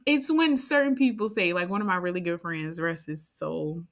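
A woman's voice: on the low side, normal speed. A woman co-hosting a podcast in a casual, chatty way, rambling into side tangents and playful asides. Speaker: podcast co-host. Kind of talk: casual chat.

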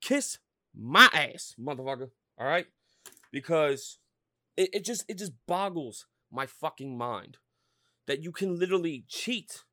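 A man hosting a podcast, ranting about sports in a loud, profane, rambling way. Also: a little high, expressive, a little slow, dry recording, studio quality. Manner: loud, swearing, rambling and fired-up. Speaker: podcast host.

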